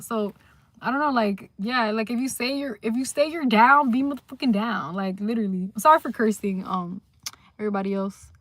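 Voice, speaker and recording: A young woman streaming live from her phone, reading comments aloud and rambling in a slangy, casual way. She drifts between mumbled asides and sudden loud outbursts. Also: on the high side, no echo. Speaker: livestreamer.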